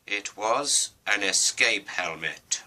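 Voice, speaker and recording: A man's voice: fairly low pitch, lively intonation, slow pace, sharp tone. A man improvising a silly goldfish story, rambling with playful asides and putting on voices.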